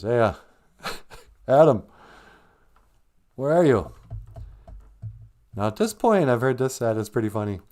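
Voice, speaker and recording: A man's voice: fairly low pitch, a little mellow. A man telling a story in a folksy, humorous way with joking asides, hosting a live stream.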